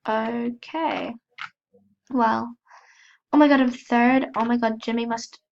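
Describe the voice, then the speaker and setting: A woman's voice: on the high side, steady tone, takes it slowly, creaky, dull audio. A woman with a cold giving chatty, self-mocking commentary as she plays, gasping and squealing when startled. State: has a cold. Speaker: gaming channel host. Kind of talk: casual gameplay commentary.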